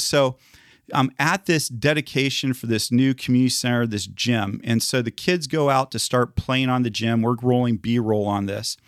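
A man co-hosting a podcast, telling a story in a lively way, acting out the people he quotes and laughing often. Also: medium pitch, clean tone, dry recording, studio quality. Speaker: podcast co-host, former news reporter. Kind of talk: casual storytelling chat.

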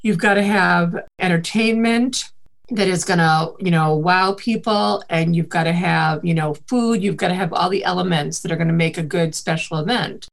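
A woman's voice: on the low side, normal speed, creaky. A woman from the Boston area with a faint Boston accent, a marketing and events guest chatting in an interview, rambling with many fillers. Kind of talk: casual interview chat.

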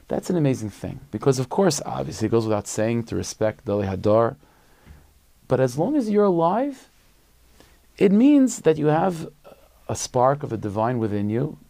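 A man, a rabbi, telling a story in a relaxed, conversational sermon with frequent fillers. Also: medium pitch, gravelly, dry recording.

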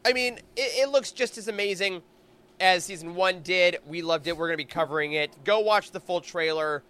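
This man's voice sits high, smooth and bright with a pushed edge. He's co-hosting a podcast and gushing about a fan convention in a casual, enthusiastic recap full of quick asides.

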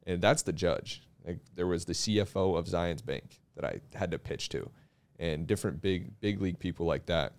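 A young man telling stories in a relaxed casual chat, laughing at himself now and then. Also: low-pitched, moderate pace. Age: young adult. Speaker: young real estate agent.

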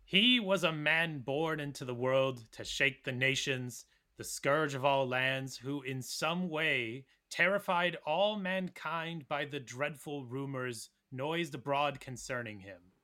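A man puts on a solemn fantasy game-master narrator who reads an old chronicle aloud. The delivery is slow, weighty and theatrical. The voice is bright and forceful. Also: mid-range voice.

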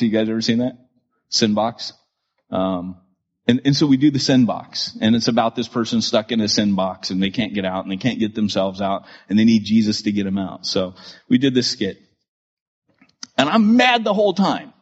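Man, podcast host, husky voice, loose and animated, muffled lo-fi sound. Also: lowish voice. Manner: animated, many fillers and restarts. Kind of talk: storytelling on a podcast.

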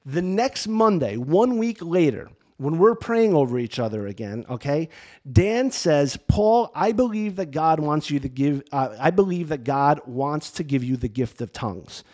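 A middle-aged man, a priest, telling a personal faith story in casual, animated talk with many restarts and fillers. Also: fairly high pitch, a little slow. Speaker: priest and podcast host. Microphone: camera and mic for video podcast.

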